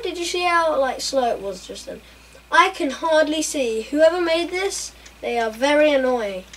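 A woman reacting out loud while playing a racing game, laughing and exclaiming often. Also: sits high, expressive, normal speed. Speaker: gameplay streamer. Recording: mic a bit far off, faint room noise.

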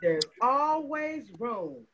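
A woman reading a children's picture book aloud in a sing-song, drawn-out way, on a dull, lo-fi played recording. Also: high voice, big pitch swings, a bit bright, slight background noise. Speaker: storybook reader. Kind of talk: scripted read-aloud for children.

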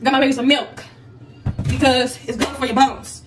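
A woman's voice: high-pitched, fairly even intonation, normal speed. A young woman hosting a casual haul vlog, chatty and slangy, talking straight to her viewers. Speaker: vlogger. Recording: echoey room, distant mic, faint noise.

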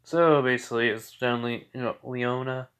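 A man's voice: medium pitch, fairly even intonation, brisk, fairly bright tone, smooth. Rambling young man retelling a story. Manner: rambling, many fillers and restarts. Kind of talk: casual fan story retelling.

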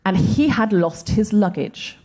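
A woman's voice: medium pitch, expressive, a little slow, darkish tone. A woman co-host telling reflective stories to a live audience in a stand-up set. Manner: earnest, reflective storytelling. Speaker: co-host comedian. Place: comedy venue stage before a live audience.

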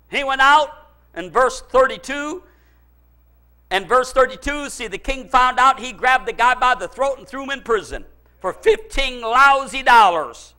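High bright-voiced preacher man. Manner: fervent, swings from low asides to shouted pleas. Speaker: pastor. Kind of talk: sermon.

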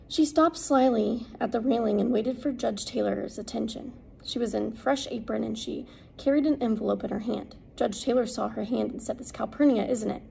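A woman narrating an audiobook in a steady, unhurried reading. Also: fairly high pitch, gravelly, slight background noise, poor audio. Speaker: audiobook reader.

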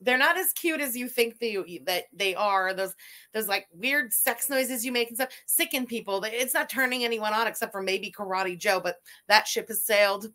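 Woman, sarcastic reaction commentary, disgusted critique, bright and high. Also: moderate pace. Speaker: commentary channel host. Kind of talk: reaction commentary over a video.

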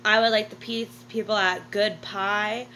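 A woman's voice: medium pitch, steady tone, measured pace, sharp tone, slight background noise, rough recording. A woman vlogging from a hotel room, telling a long personal story in a blunt, profane way and often correcting herself. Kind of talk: casual storytelling monologue.

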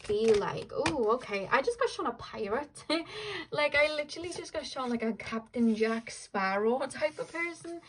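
Young woman, tarot reader, casual and rambling, slightly high voice. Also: a little hiss or hum, rough recording. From Wales. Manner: chatty, rambling, frequent "like" and "um" fillers, laughs easily. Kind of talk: casual tarot reading to camera.

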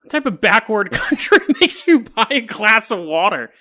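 A man's voice: high-pitched, very animated, normal speed, pushed and bright. A man hosting a casual storytelling podcast, joking and laughing through wry asides. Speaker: podcast host.

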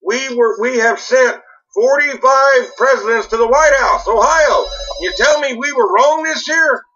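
A man's voice: very high-pitched, measured pace, pushed and bright, husky. A man hosting a call-in political talk show, blunt and combative with callers. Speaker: call-in radio host. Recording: muffled lo-fi radio audio.

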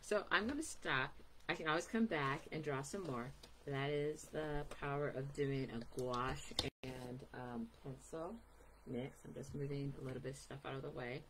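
A woman's voice: rumbling low, normal speed, background noise. A woman giving a casual live painting demonstration, chatty and rambling with many ums, recorded at her table at home. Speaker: artist giving a painting demo.

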